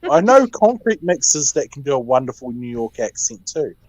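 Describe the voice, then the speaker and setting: A man's voice: medium pitch, big pitch swings, moderate pace, no room sound, low-quality recording. A man joking and teasing in a casual livestream chat.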